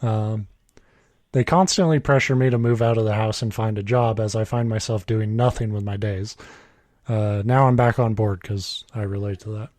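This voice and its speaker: A man's voice: on the low side, steady tone, moderate pace, darkish tone, no echo. A man in his early thirties reading a story aloud on a casual podcast, breaking off for asides and correcting himself. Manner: reads aloud with asides, chuckles, self-corrections.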